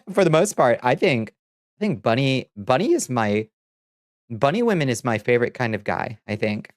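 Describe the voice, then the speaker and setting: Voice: mid-range voice, big pitch swings, normal speed, no echo. Congested streamer, dry close sound. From Southern United States. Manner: chatty, laughs often, trails off and restarts. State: congested, stuffy nose. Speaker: VTuber streamer host. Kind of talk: casual livestream chat, reading chat aloud.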